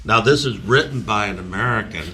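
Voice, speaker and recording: Deep-voiced, sharp-toned writer on a podcast, chatty storyteller. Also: male voice, brisk, slight background noise. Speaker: writer, college teacher. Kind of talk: casual podcast chat.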